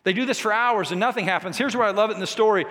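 Guy preaching a sermon, kinda high voice, tells the bible story with lots of punch, long church echo. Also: racing, a bit bright. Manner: emphatic storytelling, acting out scripture quotes. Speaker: pastor. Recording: long reverb of a large hall.

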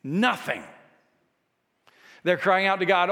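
High-voiced male preacher in a reverberant hall. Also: lively intonation, moderate pace, a bit bright. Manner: emphatic storytelling, acting out scripture quotes. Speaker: pastor. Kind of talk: sermon. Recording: long reverb of a large hall.

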